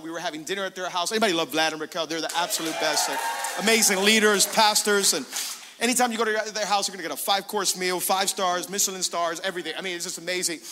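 A man preaching a sermon as pastor, energetic, calling out to the congregation and acting out prayers in his own voice. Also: high voice, big-room sound. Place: church sanctuary.

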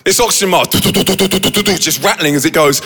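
Male storyteller, high voice, animated live delivery, big reverberant hall. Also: unhurried, slightly rough, soft background music. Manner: animated, acts out the scene with quoted voices. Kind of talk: dramatic storytelling to a live audience.

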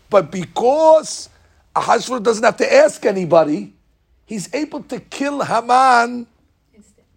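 A man giving a lively, jokey storytelling lesson as a religious teacher. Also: high-pitched, creaky, husky. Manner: lively, jokey, acts out scenes.

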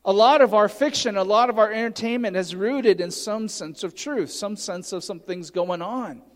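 A man's voice: high voice, normal speed, long reverb tail. A man preaching a sermon, earnestly teaching and reading scripture aloud with emphasis. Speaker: pastor.

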